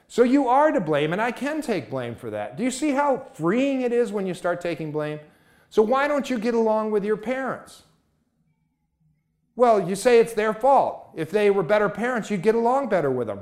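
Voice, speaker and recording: A man's voice: high voice, big pitch swings, moderate pace, a little mellow. A man giving a motivational talk, emphatic and full of rhetorical questions.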